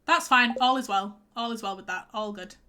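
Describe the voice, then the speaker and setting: A young woman chats her way through a farming game on a live stream, her higher voice bright and ringing. She has been crying, so she sounds stuffy and teary, and she rambles and reacts aloud to each surprise. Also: brisk. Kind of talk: casual live-stream chat.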